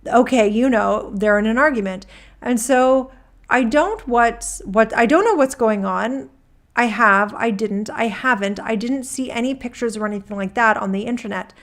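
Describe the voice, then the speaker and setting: A woman's voice: mid-range voice, close to an everyday voice. A woman reading a court transcript aloud, voicing a male witness who rambles and restarts his sentences in casual talk. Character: rambling male witness giving deposition testimony.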